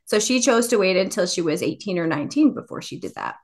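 A woman in her forties, a podcast guest who tells family anecdotes in a casual, animated way and laughs often. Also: mid-range voice, fast talker. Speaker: guest, author and mother. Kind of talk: casual storytelling in a podcast interview.

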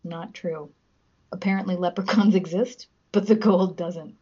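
A woman's voice: on the low side, steady tone, unhurried, warm tone, muffled recording, slight background noise. A woman guest in a casual podcast chat, giggly and self-deprecating as she reads out facts. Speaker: guest, musician.

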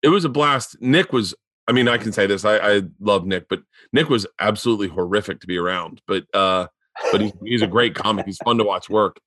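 A man's voice: fairly low pitch, fairly quick, a bit bright, dry recording. A man hosting a podcast, telling rambling, profane stories in casual comedic chat. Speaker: podcast host.

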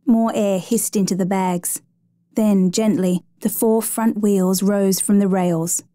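Here a woman recounts a true rescue in a calm, even storytelling style, her tone mellow, warm and medium in pitch. It's a dry recording, close up, with no room around it.

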